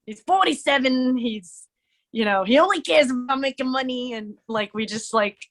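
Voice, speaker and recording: A woman's voice: high voice, normal speed, a bit bright. A young woman, a musician and podcast guest, telling a story in a rambling, casual way full of "like.". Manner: rambling, lots of "like" fillers, laughing. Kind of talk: casual interview chat.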